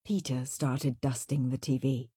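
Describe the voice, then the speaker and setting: A woman reading a children's story aloud, expressive and playful. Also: rumbling low, a little slow, faint music behind.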